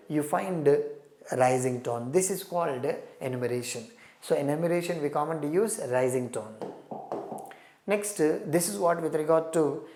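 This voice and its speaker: A man's voice: fairly high pitch, darkish tone. A man with a Telugu-influenced Indian English accent teaches an exam-prep lesson in an emphatic, repetitive way and keeps calling his listeners "my friends". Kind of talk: recorded lecture. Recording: echoey room.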